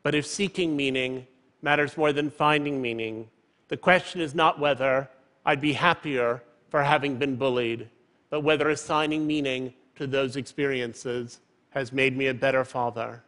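A man in his fifties giving a prepared public talk from a stage, in a measured, eloquent way. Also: medium pitch, fairly even intonation, a bit bright. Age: 50s. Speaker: public speaker. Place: stage in a large hall. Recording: reverberant large auditorium.

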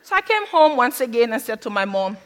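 A woman's voice: a little high, very animated, brisk, a faint crowd. A woman from Africa telling her own story in a candid, wry talk, slipping into the voices of others. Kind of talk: personal storytelling talk with humor. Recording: long hall reverb.

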